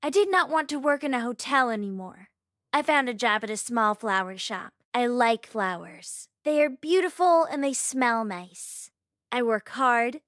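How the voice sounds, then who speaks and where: A woman tells an emotional story in slow, simple English, clear and easy to follow. Her fairly high voice moves up and down a lot, and it sounds dry and close to the mic. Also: expressive, a bit bright, dry recording. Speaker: narrator.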